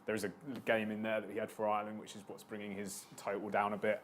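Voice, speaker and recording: A man's voice: fairly low pitch, monotone, a little hiss or hum. A man on a sports panel rattling through figures and reasons for his fantasy football picks. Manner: quick, stat-heavy talker. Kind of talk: casual sports chat.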